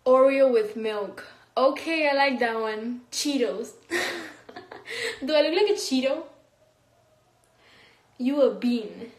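Young woman, high voice, slow and giggly, slangy livestream chat from a phone in an echoey room. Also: lively intonation. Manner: giggly, slangy, laughs often. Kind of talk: casual livestream chat reading comments.

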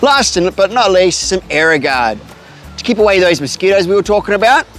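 Australian man, kids' adventure host, outdoors at a creek, bouncy lively voice, quiet music behind. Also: sits high, brisk. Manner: upbeat, talks straight to children and a pet bird.

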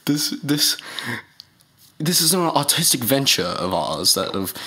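A man in a comedy skit, making a mock-solemn announcement as a self-serious rapper, halting and rambling with many fillers and restarts. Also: medium pitch, sing-song, bright, forceful tone, breathy edge.

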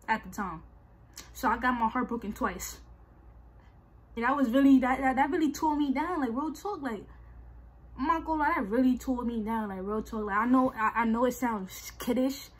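A young woman with a husky voice, telling a storytime vlog in slangy, animated casual talk and repeating herself. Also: on the high side, moderate pace. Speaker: vlogger. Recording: faint music behind.

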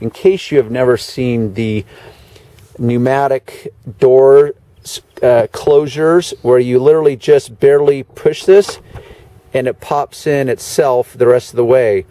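A man's voice: mid-range voice, dark tone, no room sound. A man giving a casual, chatty walkaround of a luxury car as a car detailer, with dry sarcastic asides. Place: in and around a parked car.

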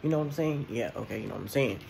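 A young man chatting straight to his viewers in a casual vlog, emotional and animated as he moves through a dorm and around a college campus. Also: medium pitch, rapid-fire, vocal fry. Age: young adult. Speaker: vlogger. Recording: phone vlog with background noise.

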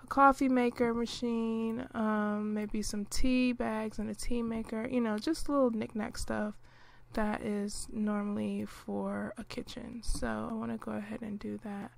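A woman narrating her life-simulation gameplay in a relaxed, chatty way, with lots of fillers, clearing her throat now and then. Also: on the high side, a little slow, hardly any pauses. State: clearing throat, hiccuping and coughing. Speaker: gameplay commentator.

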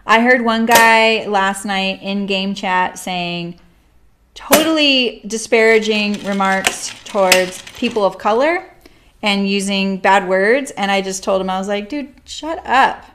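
A woman's voice: mid-range voice, a little slow, background noise. A middle-aged woman chatting casually with viewers of her live stream while she sews, rambling and laughing often.

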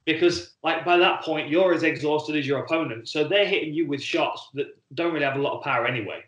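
A man's voice: fairly high pitch, fast talker, a bit bright, lo-fi sound. A man, a former fighter co-hosting a podcast, talking in a casual, rambling way and often repeating words as he thinks. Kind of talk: casual chat. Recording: echoey room.

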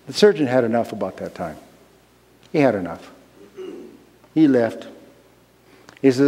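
A man pastor preaching a sermon in a church sanctuary, slow and emphatic, repeating his key phrases. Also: fairly low pitch, lively intonation, mellow. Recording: long reverb of a large hall.

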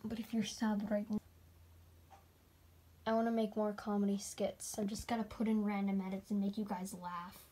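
A woman's voice: medium pitch, level tone, moderate pace, dark tone. A woman vlogging in a rambling, self-mocking way, often dropping to a whisper and slipping into silly put-on accents. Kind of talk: rambling casual vlog chat.

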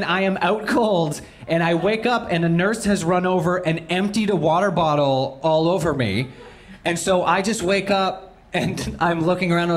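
A man from Canada, a stand-up comedian telling a story live on stage, animated, with his voice jumping up when he gets excited. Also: a little high, a little hiss or hum. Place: live comedy venue with audience.

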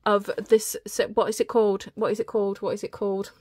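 A woman's voice: medium pitch, flat delivery, brisk, darkish tone. A woman giving a casual home library tour, out of breath and chatty, often stumbling over her words while holding the camera. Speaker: book vlogger. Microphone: handheld camera.

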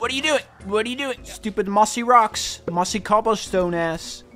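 A young man commentating his own gameplay, excitable and swinging between panic and cocky boasting. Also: sits high, normal speed, faint music behind. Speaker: gaming streamer.

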